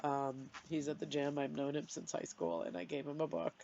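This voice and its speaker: A woman's voice: expressive, moderate pace, gravelly, mellow, a little hiss or hum. Tearful middle-aged woman venting on camera. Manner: emotional, venting, self-deprecating with sudden high outbursts. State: tearful, blowing her nose. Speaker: vlogger. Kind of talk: candid personal vlog. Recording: dry, dull lo-fi sound.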